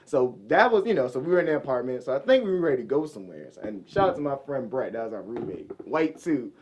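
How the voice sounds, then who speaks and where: Animated young man telling a story. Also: quick pace, highs cut off. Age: young adult. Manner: animated, swings into loud, high-pitched quoted outbursts. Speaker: podcast co-host. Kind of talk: casual storytelling chat.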